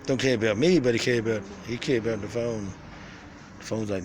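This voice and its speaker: A man's voice: lowish voice, brisk. A man filming his birds on a phone in an outdoor aviary, joking crudely and talking straight to them. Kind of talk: casual profane vlog. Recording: noisy with birdsong.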